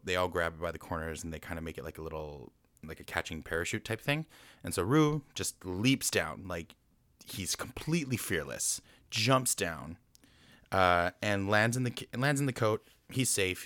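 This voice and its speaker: Deep-voiced man rambling through a film recap. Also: lively intonation, normal speed, fairly bright tone, no echo. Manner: rambling, frequent fillers and restarts. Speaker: film reviewer.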